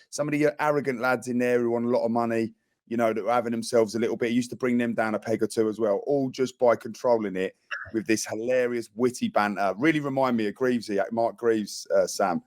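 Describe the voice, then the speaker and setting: A man's voice: mid-range voice, steady tone, fast talker, a little mellow, dry recording. A British man, a former footballer, rambling through a story on a podcast and often repeating himself. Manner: rambling, repeats words as he talks. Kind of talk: casual chat.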